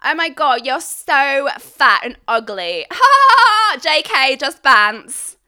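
A woman putting on a loud cockney geezer voice. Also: high-pitched, big pitch swings, slow pace, voice pushed up, heavily acted. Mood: mocking. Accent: London cockney, put on. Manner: loud, teasing, laughing. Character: brash cockney geezer woman, cheeky and mocking.

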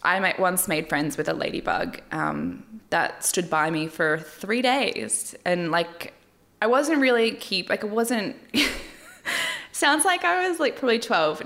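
A young woman recapping a reality show in a casual, chatty way, talking quickly, swearing and laughing often. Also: on the low side, a bit bright.

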